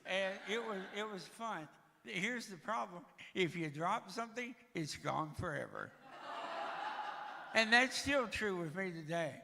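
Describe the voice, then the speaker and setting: A man tells his life story with wry, self-deprecating humor, his heavy breathing always audible. His voice sits a little high, with a gravelly edge and a bright, forceful ring. The long reverb of a church hall trails behind his words. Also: expressive, a little slow, background noise. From Tennessee, USA. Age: 60s. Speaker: guest speaker. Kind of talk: humorous personal testimony. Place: church sanctuary.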